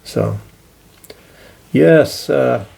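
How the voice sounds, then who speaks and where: A man's voice: mid-range voice, drawn-out words, gravelly, warm tone. A man talking alone to his viewers in loose, rambling commentary, often stopping and restarting his sentences. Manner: rambling, hesitant with many restarts. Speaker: commentary channel host. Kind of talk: casual solo commentary.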